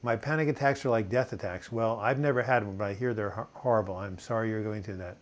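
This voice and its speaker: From his home in Portland, US, an older man hosts a live video chat on mental health, talking at his webcam and reading out viewer questions and comments. His voice is on the low side and fast, and he rambles in a relaxed way, full of fillers and restarts.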